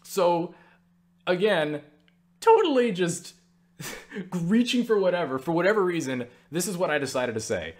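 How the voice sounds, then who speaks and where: Rambling young man with a higher voice. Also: very animated, unhurried, pauses often. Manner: rambling, full of fillers like "you know" and "like"; self-mocking, swears casually. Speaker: channel host answering viewer questions. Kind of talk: casual storytelling to camera. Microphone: webcam mic.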